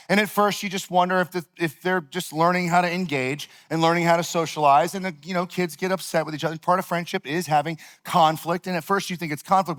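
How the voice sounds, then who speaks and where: Man, slightly high voice, sermon, animated, conversational, fillers. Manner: animated, conversational, heavy use of "like". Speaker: pastor. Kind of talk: sermon with personal storytelling.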